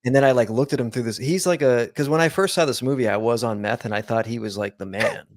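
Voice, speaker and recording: A man guesting on a podcast talks frankly and offhandedly. He speaks fast, and his pitch sits in the middle. The recording is dry and close. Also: dry recording. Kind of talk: casual chat.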